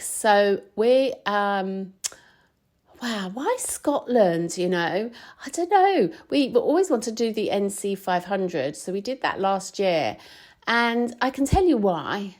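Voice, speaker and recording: A woman's voice: medium pitch, very animated, slow pace. A woman hosting her podcast, chatting casually and rambling with many fillers and restarts while travelling. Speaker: podcast host. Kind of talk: casual chat. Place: recorded on the road while travelling.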